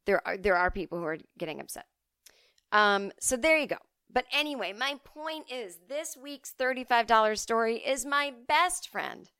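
A woman hosting a podcast, rambling through an absurd comic story in a deadpan way, recorded close on a studio mic. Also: medium pitch, smooth, no room sound. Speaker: podcast host and comedian.

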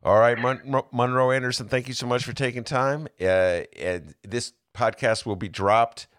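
A man hosting a podcast interview, speaking thoughtfully and haltingly as he searches for his words. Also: medium pitch, fairly bright tone, smooth, no echo, clean studio sound. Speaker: podcast host, former radio host. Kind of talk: conversational interview.

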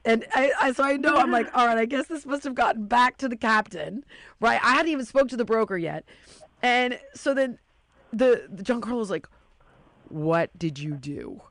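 A woman's voice: a little high, a little fast, fairly bright tone, dry recording. A woman in casual chat, telling a long story and acting out the voices of the people in it.

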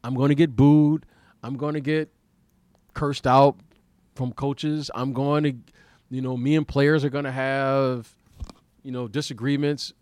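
A man in his fifties, a former basketball player, hosting a casual podcast chat in a halting way, repeating words and laughing often. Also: medium pitch, little pitch movement, darkish tone, no echo.

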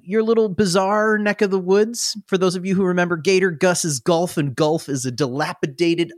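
A man's voice: on the high side, no echo, studio quality. A man narrating a tabletop game as game master, rambling and amused. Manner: rambling, amused, with many restarts.

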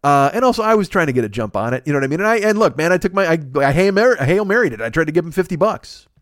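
A man hosting a podcast, telling a comic story in an animated, profane, self-mocking way. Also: on the high side, very fast, no echo, clean studio sound. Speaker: podcast host.

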